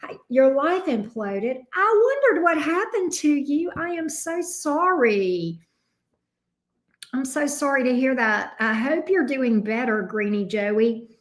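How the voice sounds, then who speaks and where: A woman's voice: high-pitched, lively intonation, takes it slowly. A woman with a Southern US accent hosting a tarot livestream, chatting casually and greeting viewers by name in a bubbly way.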